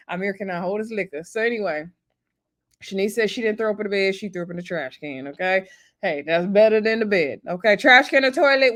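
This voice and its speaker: A woman giving a casual, gossipy recap of a reality show, animated and quick to laugh. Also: mid-range voice.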